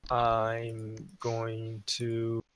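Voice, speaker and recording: A man's voice: mid-range voice, monotone, drawn-out words, smooth, dry recording. A man playing in a tabletop role-playing game, asking hesitant, stammering questions about the scene. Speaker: player. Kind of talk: casual role-play chat.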